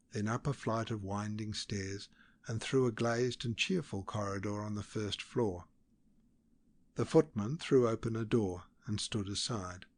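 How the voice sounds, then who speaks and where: Male narrator with a low voice, steady and measured, reading a classic novel. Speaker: audiobook narrator.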